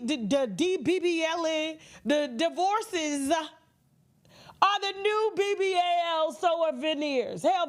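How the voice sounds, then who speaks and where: A high-pitched woman talking through celebrity gossip on a livestream, her voice swinging wildly up and down. She is dramatic and theatrical, slipping into other people's voices as she retells conversations. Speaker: gossip commentator.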